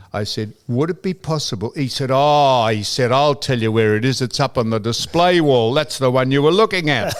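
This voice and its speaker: A man's voice: mid-range voice, moderate pace. An older Australian man co-hosting a podcast, telling an anecdote in casual chat, mimicking people and swearing now and then. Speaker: podcast co-host.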